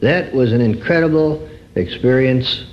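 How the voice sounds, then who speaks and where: A man giving an earnest personal testimony sermon, swinging between high emphatic phrases and low drawn-out words. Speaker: preacher. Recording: dull lo-fi recording.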